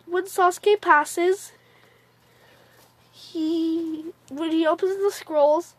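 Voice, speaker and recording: Very high-voiced woman, slow rambling retelling. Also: fairly even intonation, no echo. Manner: rambling, full of "like" and restarts. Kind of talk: casual spoken retelling of a fan story.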